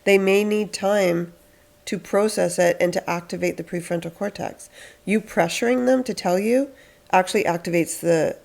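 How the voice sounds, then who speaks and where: A woman counsellor talks through parenting advice in a relaxed podcast chat. Her voice carries a gravelly edge. She slips into quoted parent voices as she explains. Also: on the low side, normal speed. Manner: explains patiently, acts out parents' lines.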